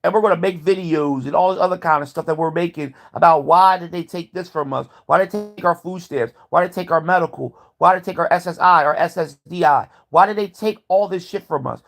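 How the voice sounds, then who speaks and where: A man's voice: fairly high pitch, fairly quick, few pauses, fairly bright tone. A man vlogging a heated, profane rant, repeating himself as he builds his point. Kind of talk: ranting commentary.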